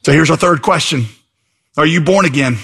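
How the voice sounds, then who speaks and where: Bright-voiced male pastor preaching. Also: on the high side, normal speed, creaky, slightly rough. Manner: conversational, with fillers. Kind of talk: sermon.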